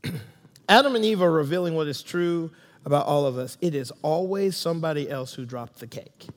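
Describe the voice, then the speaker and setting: A male pastor preaches with emphatic call and response in a church sanctuary. His voice sits notably high for a man. A long reverb rings out behind every phrase. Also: lively intonation, normal speed. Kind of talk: sermon. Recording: long reverb of a large room.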